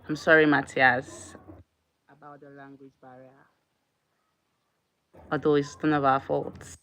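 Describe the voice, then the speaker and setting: A woman's voice: deep voice, little pitch movement, a little slow, vocal fry, fairly bright tone. A woman hosting her own live stream in casual chat, often thanking and greeting viewers as they join.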